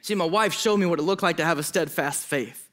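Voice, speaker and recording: A man in his thirties, a student pastor preaching a sermon, telling a personal story with emotion and quick asides. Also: fairly high pitch, a bit bright. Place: church hall.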